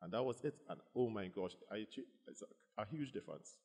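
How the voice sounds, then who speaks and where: A Trinidadian man, a bodybuilder guest, telling stories in an animated, casual way and acting out what others said. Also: lowish voice, a little fast, long reverb tail. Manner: animated, acts out quotes. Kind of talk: casual storytelling.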